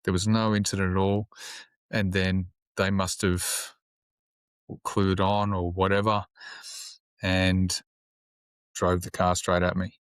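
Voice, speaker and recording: Low flat-voiced man telling a story. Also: smooth, no echo. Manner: halting, many fillers and restarts, swears casually. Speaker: podcast guest, police officer. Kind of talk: casual storytelling.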